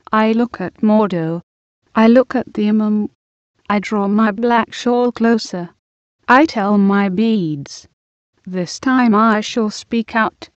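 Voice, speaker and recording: Woman reading a novel aloud, slow, measured, dry, dull lo-fi sound. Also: mid-range voice, dry recording. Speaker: audiobook reader. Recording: dull lo-fi recording.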